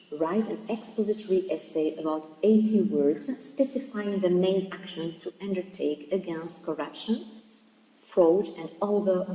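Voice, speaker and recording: A woman's voice: fairly low pitch, dark tone, a little hiss or hum. Echoey Algerian woman teaching English. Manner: explanatory, repeats "okay?" to check understanding. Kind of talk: recorded classroom lesson. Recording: echoey hall, voice from far off.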